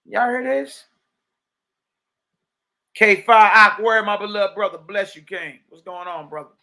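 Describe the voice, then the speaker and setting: Bright high-voiced man preaching emphatically. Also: a little slow, creaky. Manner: emphatic, streetwise preaching, reading texts aloud. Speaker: Bible teacher. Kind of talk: livestreamed religious teaching.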